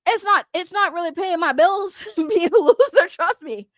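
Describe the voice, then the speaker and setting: A woman's voice: very high voice, animated, normal speed, fairly bright tone, no echo, clean studio sound. A woman giving a heated, profane, confrontational rant to camera, repeating her points for emphasis. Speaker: online commentator. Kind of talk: heated ranting vlog.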